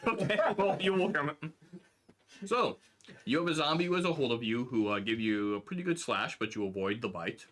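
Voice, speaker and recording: A man's voice: mid-range voice, animated, fairly quick, a bit bright. Playful, teasing man running a game. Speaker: game master. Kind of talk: narrating a tabletop game.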